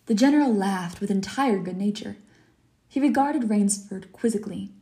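A teacher reads a story aloud to her class in a measured, deliberate way. Her voice is mellow and warm. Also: mid-range voice. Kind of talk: reading a story aloud for a lesson.

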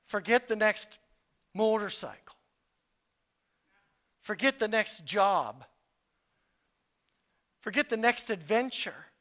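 A man preaching to his congregation in a high, bright voice. His delivery is earnest, rising to loud, urgent peaks and then falling back to hushed, low passages. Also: animated, slow, pauses often. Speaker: pastor. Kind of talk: sermon.

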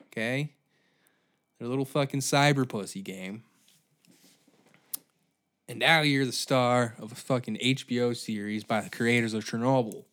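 A man with a medium-pitched, fairly bright voice hosts a podcast, talking at a measured pace with long pauses. His rant is rambling and heavily profane, full of exaggerated outbursts played for laughs.

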